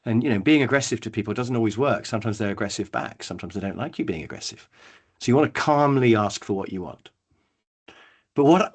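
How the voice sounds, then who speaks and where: A middle-aged man leads a training webinar, talking with a husky edge to his voice. He tells his stories in a lively, animated way, slipping into the voices of the people in them. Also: fairly low pitch. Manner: lively storytelling, acts out quoted people. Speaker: workshop trainer.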